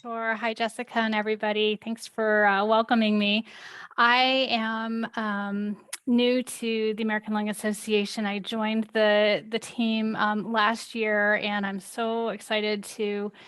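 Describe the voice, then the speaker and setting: A woman's voice: mid-range voice, little pitch movement, measured pace, a bit bright, clean tone, no echo. A woman introducing herself as a new team member on a video call, friendly and hesitant, with many fillers.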